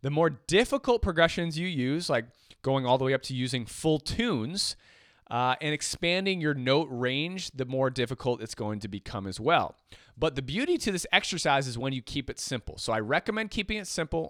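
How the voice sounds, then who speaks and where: A man's voice: fairly high pitch, lively intonation, brisk, fairly bright tone, no room sound, clean studio sound. A man teaching jazz swing feel, explaining patiently and counting beats aloud. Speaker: music teacher. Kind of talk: instrument lesson.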